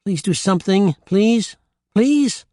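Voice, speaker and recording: A man's voice: high-pitched, animated, normal speed, dry recording, studio quality. A man doing a whiny, sarcastic talking frog. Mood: pleading. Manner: pleading, sarcastic complaining.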